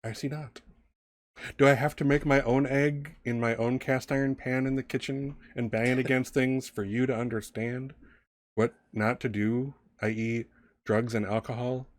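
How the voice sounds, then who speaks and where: A man's voice: medium pitch, steady tone, normal speed, no echo, clean studio sound, lightly acted. A man voicing a dramatic teenage girl lecturing her brother in an exaggerated, theatrical way. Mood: pouting lecture. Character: dramatic teenage girl, bossy little sister.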